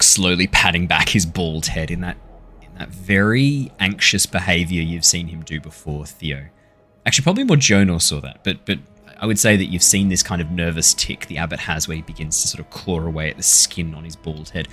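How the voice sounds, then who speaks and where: Deep-voiced man narrating a tabletop game. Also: pushed and bright, faint music behind. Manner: measured narration with playful asides. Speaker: dungeon master.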